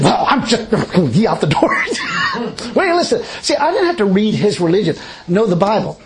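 High-voiced folksy preacher. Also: male voice, darkish tone. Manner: folksy, chuckling storyteller. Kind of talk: sermon with personal storytelling.

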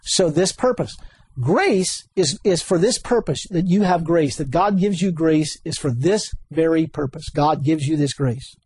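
With a husky, unhurried voice, a man gives an animated sermon, often chuckling, repeating key words, and breaking into sudden high exclamations.

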